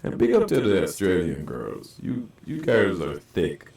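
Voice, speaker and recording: A man with a low, gravelly voice that swings widely in pitch, joking and laughing as he co-hosts a casual podcast. He sits back from the mic in an echoey room. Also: wildly swooping pitch, unhurried, darkish tone, distant mic. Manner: joking, laughs often, blunt opinions. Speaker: podcast co-host. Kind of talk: casual chat.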